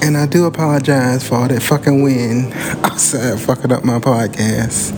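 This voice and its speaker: A man's voice: mid-range voice, normal speed, noisy background. A man hosting a casual podcast. He tells stories with lots of cursing and laughs often as he talks. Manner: profane, laughs often, animated storyteller. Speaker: podcast host and ambulance worker.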